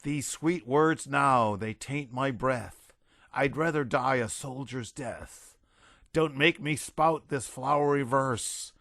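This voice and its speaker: A man's voice: medium pitch, slow, vocal fry, fairly bright tone, no echo, clean studio sound. A man voicing a blustering, raving army general who bellows and rants. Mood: ranting verse. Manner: bellowing, ranting, unhinged.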